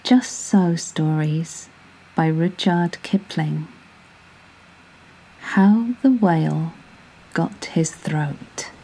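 A woman reads a bedtime story aloud, soft and unhurried, and often sinks into a whisper. Her voice is husky and dark with a fairly low pitch, and her pacing is very slow. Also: poor audio.

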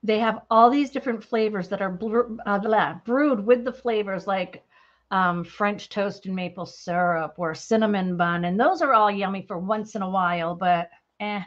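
In a muffled recording, a woman running a crafting livestream talks casually with live viewers at a moderate pace. She has a mid-range voice and a bubbly, chatty manner, with plenty of laughter.

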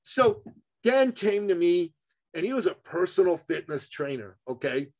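A man's voice: high-pitched, sing-song, a little slow, darkish tone. A man, a guest on a podcast, telling coaching stories with punchy, emphatic repetition. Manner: emphatic, acts out both sides of conversations; punchy, repeats phrases for emphasis. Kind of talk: animated podcast storytelling.

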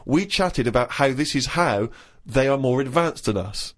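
A man reading a diary aloud in a studio podcast, mocking it with plenty of giggles. His pitch swings widely as he teases. The delivery is loose, chatty banter. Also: expressive, normal speed. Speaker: podcast host.

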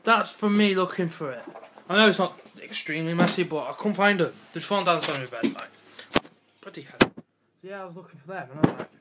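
A man's voice: sits high, quick pace, very noisy. A teenage English boy chatting in a rambling, offhand way for his home vlog, joking around and slipping into silly voices. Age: teens. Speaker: vlogger. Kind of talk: casual vlog chat. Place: bedroom at home.

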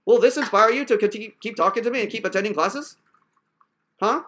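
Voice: medium pitch, fast, fairly bright tone, a little hiss or hum. A professor berating a student in a profane, sarcastic classroom rant.

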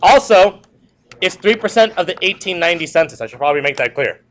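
A man's voice: sits high, quick pace. A man teaching a history lecture to a class, repeating key points and joking with students. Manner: repetitive, animated, joking asides to students.

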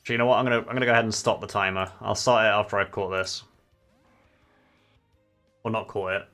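Speaking fast in a lowish, steady, somewhat bright voice, this young man streams a game and chats casually. He swears freely and sings along to the faint music behind him.

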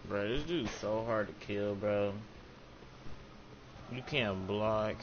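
Low-voiced young man in game chat. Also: takes it slowly. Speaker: gamer in party chat. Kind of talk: casual gaming chat. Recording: dull lo-fi mic with clear background noise.

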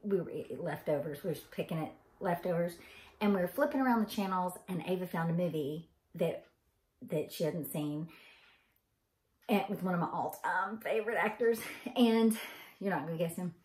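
A woman's voice: fairly low pitch, moderate pace, darkish tone. A woman from Arkansas with a Southern accent, telling a rambling story in a casual, chatty way with lots of ums. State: tired. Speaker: vlogger. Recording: echoey room.

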